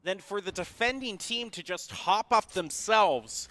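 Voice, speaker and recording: Animated male esports caster. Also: high-pitched, unhurried, slight background noise. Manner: animated, laughs often. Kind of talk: play-by-play commentary.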